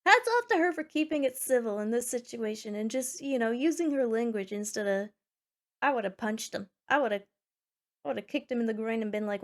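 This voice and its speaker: A young woman streamer reading forum posts aloud and reacting in a sarcastic, animated way, with sudden loud squeals. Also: on the high side, moderate pace. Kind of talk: casual reaction chat.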